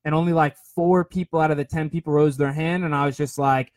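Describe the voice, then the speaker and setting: A man's voice: fairly high pitch, steady tone, brisk, no room sound, clean studio sound. A man in his twenties telling a rambling, self-deprecating story in casual chat, with lots of fillers and restarts. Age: 20s. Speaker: podcast host.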